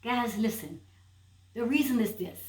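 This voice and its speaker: A woman's voice: fairly high pitch, measured pace, darkish tone, reverberant, poor audio. A woman giving an emphatic motivational talk, repeating rhetorical questions and building to a point. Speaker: inspirational speaker. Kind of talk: motivational preaching monologue.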